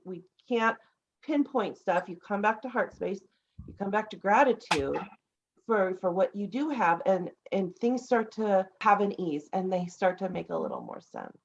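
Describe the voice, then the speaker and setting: A woman's voice: medium pitch, a little mellow, slight background noise. A woman hosting a casual podcast interview, rambling with many fillers and restarts. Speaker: podcast host. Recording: slightly dull lo-fi audio.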